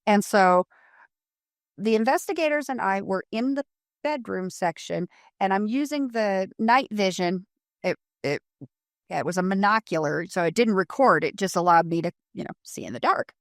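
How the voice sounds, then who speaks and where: Animated storytelling middle-aged woman. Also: mid-range voice, moderate pace, dry recording, studio quality. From Colorado. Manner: animated, acts out quotes, many fillers. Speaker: paranormal investigator guest. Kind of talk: casual storytelling interview.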